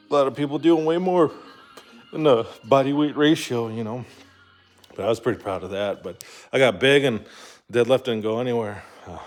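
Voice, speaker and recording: A man's voice: lowish voice, a little mellow. A young man talking in a casual rambling monologue, full of fillers, restarts and swearing. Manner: rambling, profane, lots of fillers. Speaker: vlogger.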